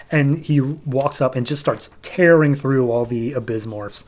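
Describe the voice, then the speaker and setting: Recapping a comic book on his podcast, this man talks in a chatty, filler-laden way and moves quickly between beats. His voice sits at a medium pitch with a darkish tone.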